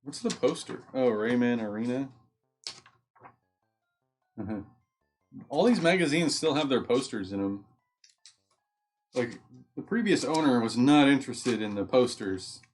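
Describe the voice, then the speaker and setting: Male live-stream host with a mid-range voice. Casual and rambling, easily distracted, with soft music in the background. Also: mid-range voice, animated, unhurried, long pauses. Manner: chatty, easily sidetracked, thinks aloud while reading.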